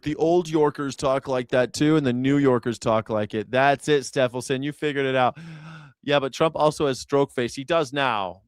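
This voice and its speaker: A man hosting a live reaction stream, riffing and joking in loose, rambling commentary. His voice comes through smooth and crisp, recorded dry and close with no room sound. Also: medium pitch, moderate pace, no room sound. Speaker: host.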